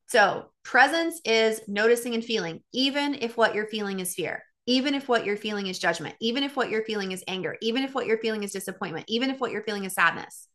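A woman's voice: on the high side, fast talker, few pauses. A woman coach talking casually and candidly, retelling a conversation with a friend and quoting both sides. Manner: candid, animated retelling with quoted dialogue. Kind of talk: casual solo talk.

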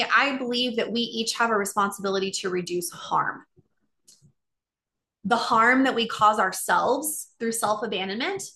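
A woman's voice: medium pitch, gravelly, sharp tone. A middle-aged woman talking earnestly and openly in a casual monologue, with many "like" fillers.

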